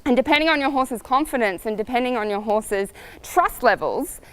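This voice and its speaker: A middle-aged woman riding coach talking casually to camera, animated and storytelling with laughs. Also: a little high, moderate pace, clean tone.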